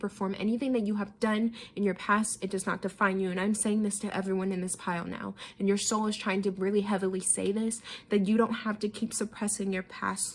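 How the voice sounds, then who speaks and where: A young woman giving a tarot reading, emotional and casual, often repeating herself and swearing freely. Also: mid-range voice. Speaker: tarot reader. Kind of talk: pick-a-card tarot reading.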